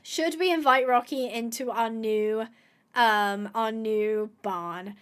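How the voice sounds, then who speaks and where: A woman hosting a gameplay video, chatting casually to viewers, thinking aloud with excited gasps and asides. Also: a little high, takes it slowly, clear, resonant tone. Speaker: gaming video host.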